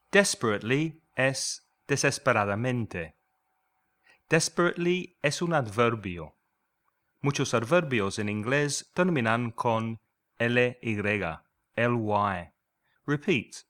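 A man teaching a language lesson, enunciating slowly and carefully through repeated drills. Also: mid-range voice, very animated, a bit bright.

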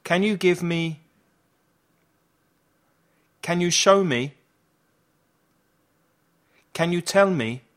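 A man's voice: high-pitched, extremely slow, long pauses, a bit bright. A man reading travel phrases aloud for learners, one at a time, each with a falling end. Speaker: phrase reader for language learners.

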